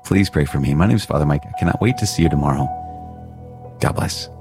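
A man's voice: a bass voice, expressive, fast, over music. A male priest closing a podcast episode with an earnest, prayerful talk.

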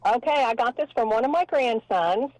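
A woman's voice: on the high side, lively intonation, normal speed, a little mellow, no room sound, low-quality recording. Older female caller, sweet and flustered, dry phone sound. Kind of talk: phone-in chat.

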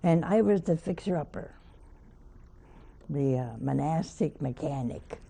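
A woman's voice: deep voice, expressive, unhurried, vocal fry, mellow, slightly rough. An older woman, a nun, preaching a sermon by telling a homely story with wry asides.

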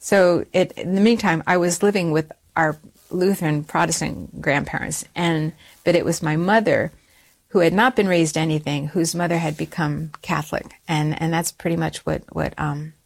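Middle-aged lady telling her story, kinda low voice, gets lively and squeaky when quoting herself. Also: normal speed, creaky. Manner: animated, rises high when quoting herself; frequent restarts and repeated words. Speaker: interviewee. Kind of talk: personal storytelling.

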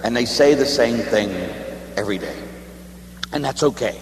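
A male priest gives a sermon in a relaxed, conversational way, joking as he tells a story. His voice rings through a roomy church with a long reverb tail. A faint hum sits under it. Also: mid-range voice, normal speed. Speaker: Catholic priest.

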